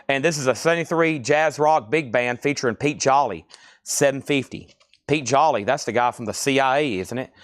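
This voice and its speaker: Man, Southern US accent, live sale host, quick joking patter, dry close sound. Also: mid-range voice, no echo. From Tennessee, US. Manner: fast, joking patter, drawled Southern vowels. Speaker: live-stream record seller. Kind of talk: live sales auction chat.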